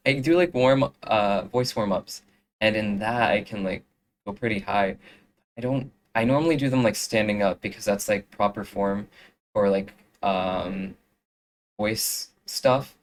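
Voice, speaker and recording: Slow, rambling young streamer. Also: medium pitch, rough recording. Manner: rambling, full of fillers and restarts. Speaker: streamer doing art. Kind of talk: casual live-stream chat while drawing.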